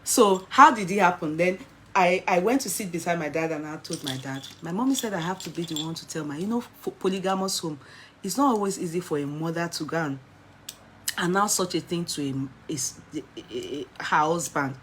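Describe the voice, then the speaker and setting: A woman in her forties with a Nigerian accent, telling a personal story in an animated way and slipping into Nigerian Pidgin. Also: lowish voice, a little fast, a little hiss or hum.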